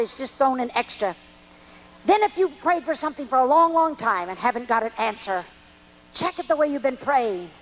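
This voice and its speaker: A woman evangelist, her voice pitched strikingly high. She preaches her testimony in an earnest, pleading, folksy way. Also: fairly bright tone. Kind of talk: testimony sermon.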